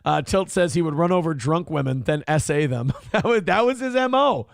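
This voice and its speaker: A man's voice: fairly high pitch, expressive, a little fast, vocal fry, few pauses, no echo, clean studio sound. A man from Minnesota hosting a morning show, reading live chat aloud and riffing on it with crude, irreverent commentary. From Minnesota, USA.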